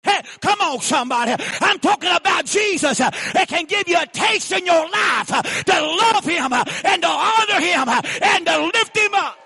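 A man preaching a revival sermon in a folksy way, often shouting and laughing between lines. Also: very high voice, lively intonation, normal speed, hardly any pauses. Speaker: guest preacher.

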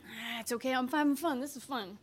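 A woman's voice: sits high, fairly quick, breathy edge. A woman doing a breezy little girl. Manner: light, breezy, dismissive. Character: carefree little girl, nine or ten.

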